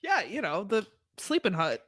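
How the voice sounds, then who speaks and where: A woman's voice: mid-range voice, very animated, normal speed, fairly bright tone, dry recording, clean studio sound. A woman co-hosting a podcast, chiming in casually with short remarks and frequent laughs. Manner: laughs often, chimes in briefly. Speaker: podcast co-host. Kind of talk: casual chat.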